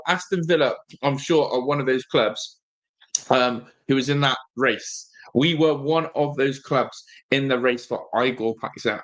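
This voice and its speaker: Rambling man hosting a fan stream. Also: mid-range voice. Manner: rambling, animated, reads chat aloud. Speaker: fan channel host. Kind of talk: live-stream chat.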